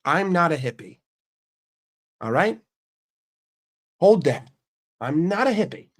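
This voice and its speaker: A man's voice: fairly high pitch, sing-song, slow. Brash, swearing young American man. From United States. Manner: ranting, heavy swearing, brash. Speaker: streamer and channel host. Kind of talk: casual profane rant.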